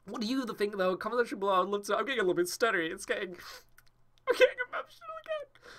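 A man hosting a gaming video, giving excited let's-play commentary in a gushing, excitable way. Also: sits high, very fast. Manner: gushing, excitable, laughs often.

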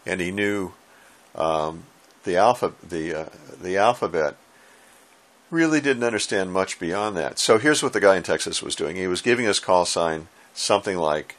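A man who runs ham radio, explaining its basics from his home radio room in a relaxed, folksy way with dry asides. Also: low voice, unhurried. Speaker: ham radio operator and instructor. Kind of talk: casual how-to explainer.

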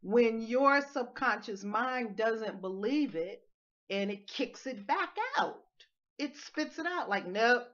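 A woman's voice: a little high, animated, slow, fairly bright tone. Emphatic woman teaching, slightly muffled. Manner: emphatic, chants words in rhythm. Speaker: spiritual teacher. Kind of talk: motivational teaching talk.

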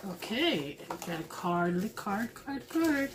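A woman chatting casually to her viewers while opening craft mail, gushing and excited, and a mother. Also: mid-range voice, slow pace, noisy background. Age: adult with a son. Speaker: crafting vlogger. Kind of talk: casual unboxing chat.

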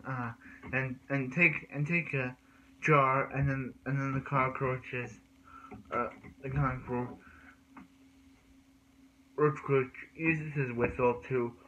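A man's voice: medium pitch, steady tone, takes it slowly, long pauses, sharp tone, dull audio, a little hiss or hum. A man recapping cartoon episodes in a rambling way, with many restarts and repeated words. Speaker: cartoon reviewer.

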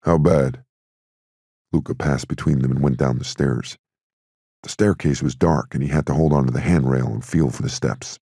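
Super deep husky guy reading a crime audiobook, dry close sound. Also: steady tone, brisk, mellow, dry recording. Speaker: audiobook narrator. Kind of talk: scripted narration.

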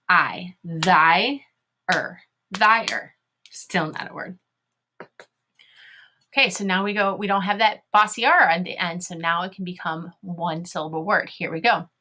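A woman's voice: on the low side, moderate pace, sharp tone, a little hiss or hum. A woman teaching a phonics video lesson, sounding out letters and syllables one by one and asking her young learners encouraging questions.

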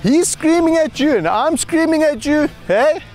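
A man hosting a wildlife channel, talking excitedly outdoors while walking with lions, laughing often and calling out to them. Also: very high voice, normal speed, soft background music. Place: outdoors in the bush on a walk with lions.

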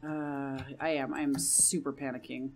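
A young woman who makes Minecraft let's play videos chats casually as she plays a building game, sounding nervous and often murmuring reassurances to herself. Her voice is bass-deep with a level tone and moderate pace, set against a noisy background.

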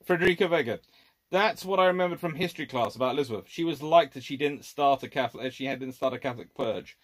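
A man's voice: medium pitch, fast talker. Historian man thinking aloud on a livestream. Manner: thinks aloud with restarts, lists points as A and B. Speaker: historian host answering viewer questions. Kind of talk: live-stream history Q&A.

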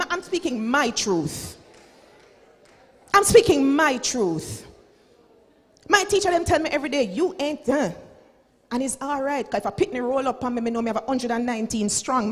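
A Jamaican woman in her forties delivers a fiery keynote to teachers, her voice set high and carrying. She preaches with drama and slides between standard English and Patois. The sound rings out with the long reverb of a big hall. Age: 40s. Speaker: school principal and keynote speaker. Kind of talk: motivational keynote speech.

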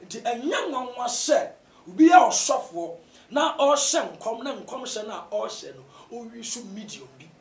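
A man with a Ghanaian accent, a pastor answering interview questions in a preaching style, often rising to shouts for emphasis. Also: very high voice, a little slow. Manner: animated, bursts into shouts to stress points. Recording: roomy echo, distant from mic.

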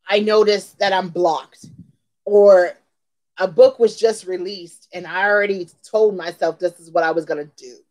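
A woman's voice: mid-range voice, rough recording. Fired-up woman in her forties. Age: 40s. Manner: heated, emphatic, repeats lines for effect. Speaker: beauty channel host. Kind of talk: venting storytime vlog.

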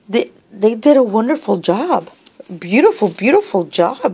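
Emotional woman vlogger, gravelly voice, slow rambling delivery. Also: mid-range voice, sing-song. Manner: emotional, tearful, gushing; rambling with many restarts and soft asides. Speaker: vlogger opening happy mail. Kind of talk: casual vlog.

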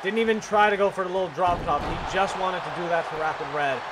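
High-voiced young guy yelling and swearing while calling a wrestling game, loud crowd and noise behind. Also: fast. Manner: profane, hyped, shouts at big moves. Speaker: gaming commentator. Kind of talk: excited play-by-play commentary. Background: video game crowd and noise.

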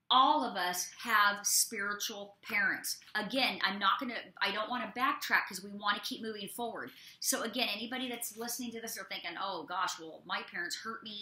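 A woman prophet co-hosting a ministry show, teaching from the Bible in an expressive way with folksy asides to her listeners. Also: mid-range voice. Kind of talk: animated preaching and Bible teaching. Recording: echoey room.

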